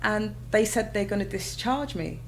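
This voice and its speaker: A woman in her thirties, an interview guest telling her own story in a candid, conversational way, breaking into high excited exclamations as she recalls moments. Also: normal speed, gravelly, soft background music, rough recording. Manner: animated, bursts into high excited exclamations and laughter when retelling moments.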